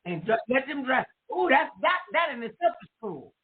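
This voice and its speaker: Husky woman host over a tinny line. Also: high-pitched, moderate pace, few pauses. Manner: animated storyteller, acts out quoted voices. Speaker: talk show host. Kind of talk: casual chat.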